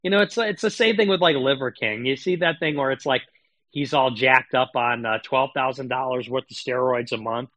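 A man's voice: medium pitch, moderate pace, pushed and bright, no room sound. A man streaming political commentary, talking in a sarcastic, mocking, casual rant. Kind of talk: casual ranting monologue.

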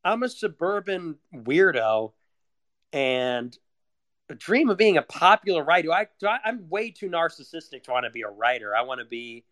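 A man's voice: a little high, big pitch swings, moderate pace, fairly bright tone, no room sound, clean studio sound. A young man in a casual confessional monologue, rambling and self-deprecating, with frequent swearing. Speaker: vlogger.

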